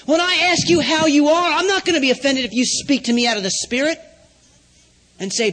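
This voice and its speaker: A man's voice: very high voice, fairly quick, a bit bright. A man preaching a sermon, teaching step by step and checking in with his listeners with questions. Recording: hall reverb.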